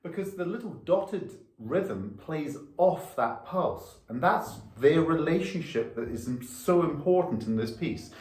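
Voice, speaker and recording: A man teaching a violin lesson, speaking slowly and patiently. He counts beats aloud and explains rhythm step by step. His voice carries a clear echo from the room. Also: on the high side, lively intonation, a little mellow. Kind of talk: music lesson. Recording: echoey room.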